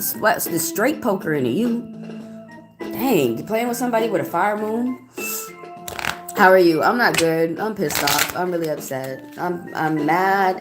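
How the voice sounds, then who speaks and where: Blunt, heated woman reading tarot. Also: mid-range voice. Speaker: tarot reader. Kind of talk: live-stream tarot reading.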